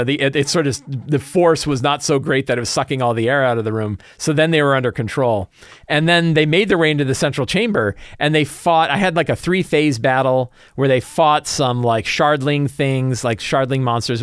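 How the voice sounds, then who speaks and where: Man, mid-pitched, game master recapping a campaign in a loose, rambling way. Dry, close sound. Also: fairly quick, fairly bright tone, no room sound. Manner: rambling storyteller, many fillers and restarts. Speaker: game master and show host.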